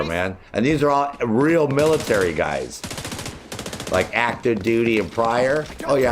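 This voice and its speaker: A man's voice: fairly low pitch, noisy background. A man in his sixties streaming a video game, ranting angrily and swearing constantly at rivals who kicked him off their chat. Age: 60s. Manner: angry, profane, ranting; mimics others in mocking voices. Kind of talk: profane live-stream rant.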